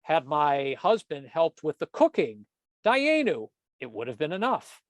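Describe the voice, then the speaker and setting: A man voicing a nagging cartoon wife who chants her complaints in a sing-song, climbing high on each refrain. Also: big pitch swings, unhurried, dry recording. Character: nagging wife reciting a customized Seder verse.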